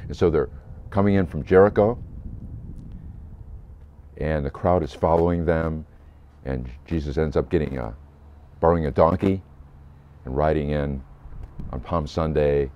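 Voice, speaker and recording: A low-voiced man preaches a brief sermon in a warm, relaxed tone. He tells the story earnestly and briefly voices the people he quotes. The sound is a little dull, like a modest lo-fi recording. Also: a little slow, long pauses. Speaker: pastor. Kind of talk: short Easter sermon.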